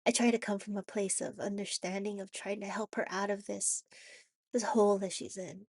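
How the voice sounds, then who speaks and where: Hoarse woman with a cold doing a confessional vlog, raspy husky voice, keeps restarting, dead dry sound. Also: medium pitch, fairly even intonation, a little mellow, no room sound. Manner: halting, repeats and restarts, many "you know"s. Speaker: vlogger.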